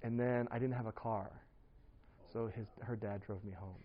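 A man preaching to a congregation, spinning a personal story in a lively, rambling way, full of fillers and quick laughs. His voice swings up and down a lot as he tells it. The recording sounds a bit dull and lo-fi. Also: on the low side, noisy background.

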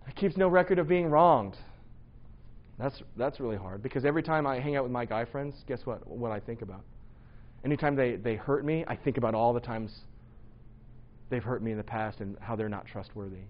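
A man's voice: mid-range voice, brisk, muffled recording. A man preaching in a church, casual and self-deprecating, talking to his congregation. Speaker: pastor. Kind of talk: sermon. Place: church hall.

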